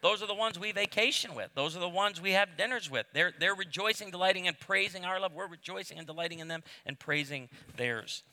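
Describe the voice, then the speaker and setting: Brisk and barely pausing, a middle-aged pastor preaches on marriage to a live crowd in a high, sharp-toned voice with a long reverb tail. He tells stories laced with humor and self-deprecating asides.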